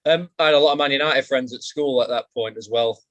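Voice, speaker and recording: Male interviewer, mid pitch, dry close sound, casual. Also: fast, a bit bright, dry recording, highs cut off. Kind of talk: casual chat.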